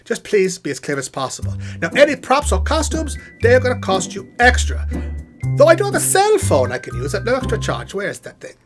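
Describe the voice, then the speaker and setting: Over music, a performer voices a vain male puppet professor who acts as a comic spokesman for custom videos, delivering a scripted monologue to camera on an on-camera puppet set. He's theatrical and sassy, talking briskly with huge, swooping pitch swings.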